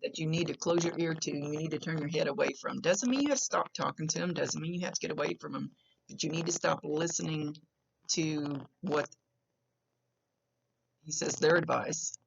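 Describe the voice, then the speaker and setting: Woman medium chatting through a reading, gravelly fry, kinda muffled lo-fi sound. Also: low voice, normal speed, background noise. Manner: chatty, rambling, stops and restarts. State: coughing, smoker's cough. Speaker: psychic medium. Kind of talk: casual spoken reading to a client. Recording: dull lo-fi recording.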